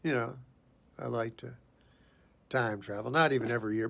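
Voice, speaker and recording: A man delivering a rambling deadpan anecdote in a recorded personal video message, halting and full of pauses and fillers. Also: mid-range voice, vocal fry, a little hiss or hum.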